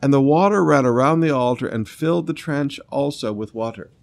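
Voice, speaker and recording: A man preaching a sermon, reading scripture aloud and adding commentary, swinging between loud emphatic lines and quiet earnest asides. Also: medium pitch, a little fast.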